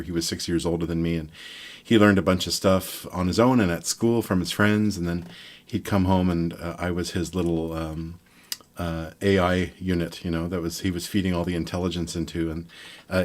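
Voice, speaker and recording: Low-voiced older man teaching guitar rhythm. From Montreal, Quebec, Canada. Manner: rambling and relaxed, counting and scatting rhythms aloud. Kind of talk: casual online guitar lesson.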